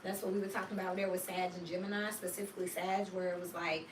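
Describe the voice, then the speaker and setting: A woman's voice: mid-range voice, very fast, few pauses, background noise. A woman giving a casual tarot reading in a blunt, slangy way, cursing freely and telling stories with a lot of animation. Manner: animated storyteller. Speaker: tarot reader. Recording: roomy echo, distant mic.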